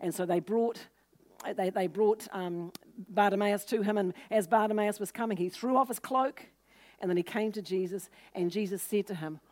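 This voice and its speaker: Woman preacher, mid-pitched voice, earnest sermon delivery, acts out quoted people. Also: moderate pace, darkish tone. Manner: earnest, teaching with scripture stories.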